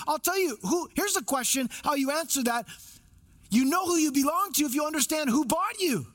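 Male pastor, high voice, emphatic sermon delivery with repetition and rhetorical questions. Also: expressive, a little fast, fairly bright tone. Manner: emphatic preaching with repeated phrases and rhetorical questions.

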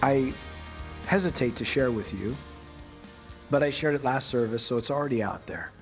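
A middle-aged man preaching a sermon, telling self-mocking stories in an animated way. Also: mid-range voice, normal speed, faint music behind. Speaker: pastor. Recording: long hall reverb.

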